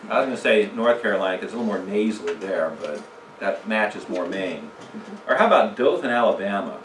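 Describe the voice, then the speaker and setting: A man's voice: fairly low pitch, animated, a little fast, background noise. Man teaching a church seminar, echoey room. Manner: conversational, asks the audience questions, tells jokes. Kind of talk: casual church seminar talk. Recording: echoey room, mic from a distance.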